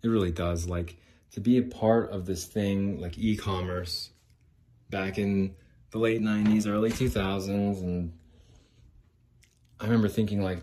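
Grumbling deep-voiced middle-aged man. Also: fairly even intonation, unhurried, long pauses, dark tone, slight background noise. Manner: aggrieved, rambling, swearing freely. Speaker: podcast host. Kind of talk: casual ranting monologue. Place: outdoors near an apartment complex.

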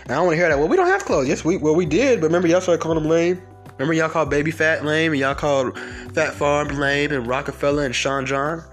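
A man's voice: a little high, flat delivery, fast talker, soft background music. A man hosting a podcast, delivering a heated, profane, confrontational rant. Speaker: podcast host. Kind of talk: ranting monologue.

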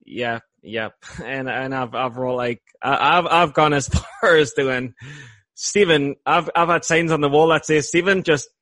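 A man co-hosting a podcast, talking in a casual, animated way with many stammered restarts and laughs. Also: mid-range voice, unhurried, dry recording. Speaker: podcast co-host.

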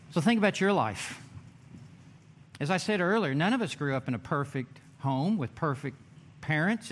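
Man preaching, slow and deliberate, higher voice, emphatic pauses. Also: slight background noise. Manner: emphatic preaching with dramatic pauses and drawn-out words. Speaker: pastor. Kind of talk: sermon. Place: church.

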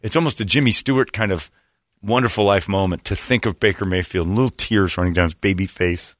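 A man from Indiana hosting a sports talk show, mocking and animated, slipping into put-on voices. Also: fairly low pitch, brisk, no echo, studio quality. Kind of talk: casual sports banter.

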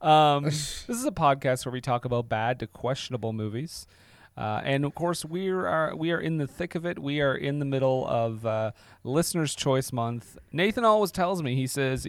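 A man's voice: medium pitch, lively intonation, moderate pace, no echo. A man hosting a podcast in casual, jokey, rambling chat, laughing often. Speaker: podcast host.

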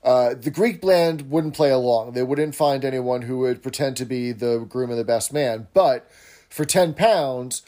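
A man's voice: mid-range voice, measured pace, mellow. A man co-hosting a podcast, chatting in detail as he recaps a sitcom episode. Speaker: podcast co-host.

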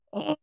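A man's voice: extremely high pitch, creaky, bright, forceful tone, no echo, clean studio sound. A man co-hosting a podcast in casual chat, playful and laughing often. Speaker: podcast co-host.

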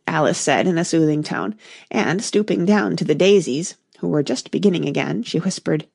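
Female storybook narrator, expressive and measured; animated melody, light fry. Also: sits low, no room sound, clean studio sound. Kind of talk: storybook reading aloud.

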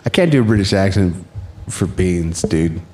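Low-voiced jokey American podcast host. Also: male voice, lively intonation, normal speed, mellow, slight background noise. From United States. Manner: jokey, riffing, often laughing and doing silly voices. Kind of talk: casual comedic podcast banter.

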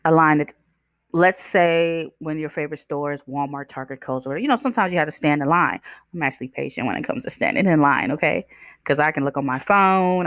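A woman's voice: low-pitched, dry recording, studio quality. A woman hosting a self-help podcast, talking conversationally and asking the listener questions. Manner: acts out voices in her stories. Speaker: podcast host. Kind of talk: motivational self-help talk.

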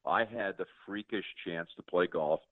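A man in his sixties hosts a relaxed interview in a very low voice, gushing and often repeating words as he stumbles ahead. The sound is tinny and narrow, like a phone line, and completely dry with no room around it. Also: moderate pace, no room sound. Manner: effusive, stammers and repeats words. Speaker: host. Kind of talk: conversational interview.

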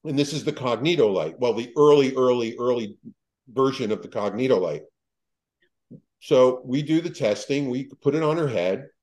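A man, a psychologist, telling a story as a podcast guest in a lively way, quoting people and restarting his sentences. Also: mid-range voice, moderate pace, low-quality recording.

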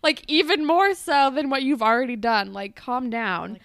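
Young woman podcast co-host, rambling and high-voiced, recorded close and dry. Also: moderate pace, vocal fry, fairly bright tone, dry recording. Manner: rambling with many "like"s. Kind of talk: casual chat recapping a TV show.

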